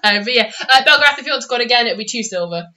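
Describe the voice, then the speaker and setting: A woman running a tabletop game as game master, narrating the scene with plenty of giggles and animated turns. Her voice sits a little high and sounds bright and clear. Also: very fast.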